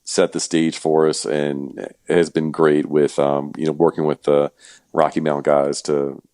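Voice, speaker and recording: A man with an extremely deep, low voice talks casually as a guest on a podcast. He keeps it relaxed and joking, padding his sentences with fillers. The recording is dry and close. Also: unhurried, dry recording. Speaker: event organizer and guest.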